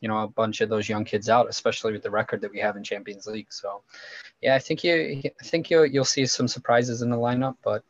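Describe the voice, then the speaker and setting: A man's voice: lowish voice, fairly even intonation, a little fast, dry recording, dull audio. A man with a Scottish accent, a podcast guest talking football in a rambling way with frequent restarts. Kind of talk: casual football podcast chat.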